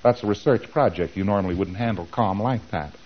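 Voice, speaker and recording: A man's voice: fairly low pitch, fairly quick, slightly rough, dull audio. A man giving an informal lecture, animatedly acting out both sides of the dialogues he describes.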